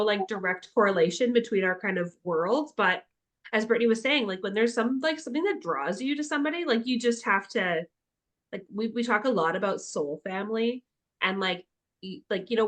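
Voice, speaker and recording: A woman co-hosting a casual podcast, chatty and rambling, peppering her talk with "like". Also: on the high side. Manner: chatty, lots of "like" fillers. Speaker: podcast co-host. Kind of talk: casual chat.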